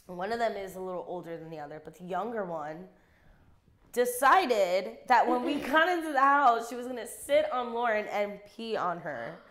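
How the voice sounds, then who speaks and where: A young woman co-hosting a podcast in casual chat, an animated storyteller who swears freely and laughs mid-sentence. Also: mid-range voice, normal speed. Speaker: podcast co-host.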